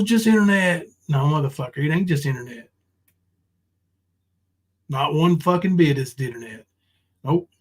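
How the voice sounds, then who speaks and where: A man's voice: medium pitch, poor audio. A man ranting on a livestream, confrontational and profane, full of ums and restarts. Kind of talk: casual livestream rant.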